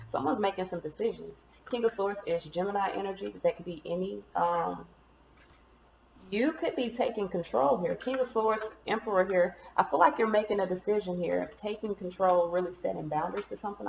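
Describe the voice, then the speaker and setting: A woman's voice: lowish voice, creaky, darkish tone, roomy sound, slight background noise, low-quality recording. A woman giving a casual tarot reading, chatty and informal, cursing now and then. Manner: chatty, swears and laughs at herself. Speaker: tarot reader.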